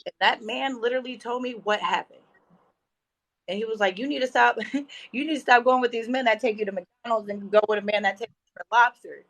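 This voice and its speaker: A woman's voice: on the high side, a little fast, poor audio. A woman in her thirties telling spiritual stories in casual podcast chat, acting out quoted dialogue. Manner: animated, acts out quoted dialogue. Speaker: podcast guest.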